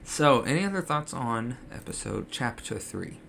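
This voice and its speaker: A man's voice: medium pitch, sing-song, normal speed, gravelly, a bit bright, slight background noise. A man co-hosting a casual podcast, chatty and full of ums and uhs. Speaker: podcast co-host.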